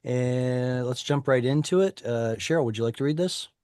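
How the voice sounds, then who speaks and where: A man's voice: mid-range voice, moderate pace, a little mellow, clean tone, no room sound. Man, teacher, patient explanations, lots of um and uh, video call audio, dry sound. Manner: patient, explanatory, with frequent fillers. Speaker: Hebrew teacher. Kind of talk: online class instruction.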